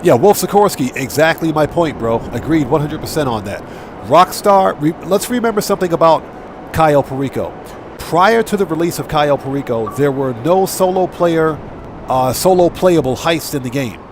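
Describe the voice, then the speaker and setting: Chatty male game streamer, slightly high voice. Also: expressive, normal speed, background noise. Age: adult with a wife and child. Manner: chatty, thanks viewers by name, reads out chat. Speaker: live-stream gaming host. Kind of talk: casual live-stream chat.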